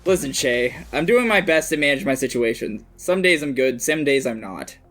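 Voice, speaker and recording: A man's voice: medium pitch, expressive, moderate pace, a bit bright, soft background music. Earnest man reading a part. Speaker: podcast cohost reading a part. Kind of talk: comedic table read.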